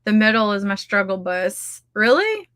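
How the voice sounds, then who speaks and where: A woman's voice: mid-range voice, big pitch swings, moderate pace, a bit bright, smooth, no room sound, clean studio sound. A woman hosting a casual livestream, chatty and scattered, laughing often as she talks. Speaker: livestream host running writing sprints. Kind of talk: casual chat to a live audience.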